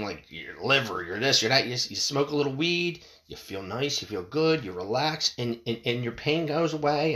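A man's voice: medium pitch, bright, forceful tone. A man ranting in a casual, profane, rambling way, stumbling over restarts and swearing often. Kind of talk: casual rant to camera.

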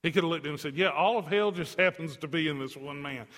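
A man preaching a sermon as a pastor, animated, swinging his pitch and loudness up and down, with asides to the congregation. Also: fast talker. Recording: long hall reverb.

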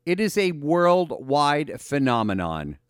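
A man hosting a podcast in casual chat, excitable, chatty and playful. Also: on the high side, takes it slowly, clear, resonant tone, dry recording, clean studio sound. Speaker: podcast host.

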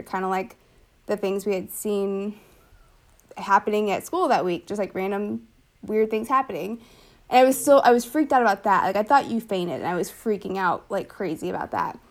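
A young woman telling a personal story in casual conversation, chatty and full of fillers, laughing now and then. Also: mid-range voice. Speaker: older sister telling her story.

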